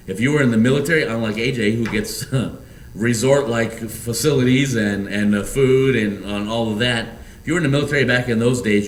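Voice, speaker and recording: Earnest preacher in an echoey church. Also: male voice, medium pitch, a bit bright, slight background noise. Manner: earnest and conversational with asides. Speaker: pastor. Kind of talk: sermon. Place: church sanctuary. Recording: echoey hall, mic at a distance, faint ambience.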